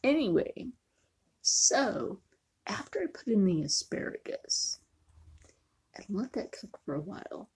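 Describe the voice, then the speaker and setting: A woman's voice: medium pitch, sing-song, a little slow, long pauses, a little mellow, slightly rough. A woman chatting casually in a cooking vlog, joking and often dropping to a near whisper. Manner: chatty, jokey, sometimes drops to a near whisper. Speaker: vlogger.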